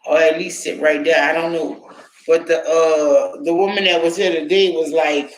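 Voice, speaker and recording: A woman's voice: low voice, fairly even intonation, moderate pace. A woman vlogger talking in a casual, rambling monologue, profane and indignant. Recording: echoey room.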